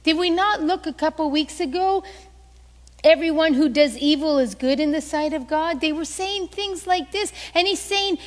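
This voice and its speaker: A woman's voice: high voice, normal speed, in a large hall. A woman pastor preaching a sermon, telling stories animatedly and acting out the voices she quotes.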